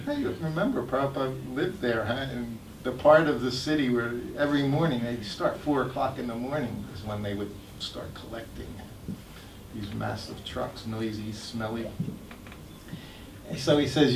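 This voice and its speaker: An older man, telling stories about his memories in an animated way and laughing as he goes. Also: mid-range voice, moderate pace, creaky, a little hiss or hum. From United States. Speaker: guest speaker sharing memories. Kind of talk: anecdotal storytelling talk. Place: temple hall. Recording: echoey hall, mic at a distance.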